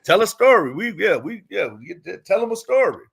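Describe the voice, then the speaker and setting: Texan guy on a livestream q and a, gravelly voice, laid back street talk. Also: high voice, sing-song, fairly quick, fairly bright tone. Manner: loose street slang, lots of "you know what I'm saying". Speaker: livestream host. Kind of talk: casual livestream Q and A.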